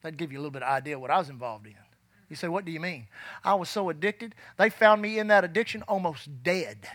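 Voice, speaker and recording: A man preaching a sermon in church, fervent and rising to shouts, dropping low and quiet when telling his past. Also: expressive, fast, dry recording.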